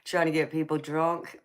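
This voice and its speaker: Slow-talking woman chatting with viewers. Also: a bass voice. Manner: chatty and teasing, calls viewers honey and baby, laughs often. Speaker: tarot reader and live-stream host. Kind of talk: casual live-stream chat answering viewer comments.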